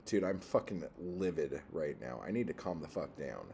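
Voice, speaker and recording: A man's voice: rumbling low, animated, moderate pace, warm tone, a little hiss or hum. A man hosting a casual livestream, reading chat and rambling, profane and easily worked up.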